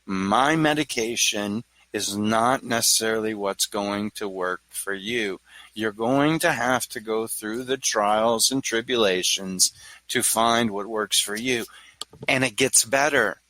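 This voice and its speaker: Man, 40s; low, punchy, rambling speaker, dry close recording. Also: takes it slowly, sharp tone, no echo, rough recording. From Louisiana. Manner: rambling, stammering restarts, jokey. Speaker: speaker on mental health. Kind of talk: casual talk to an audience.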